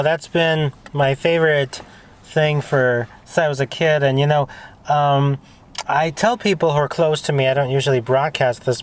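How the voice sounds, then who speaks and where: A man hosting a casual conversation, talking in an earnest, rambling and emphatic way. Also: a little high. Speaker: host.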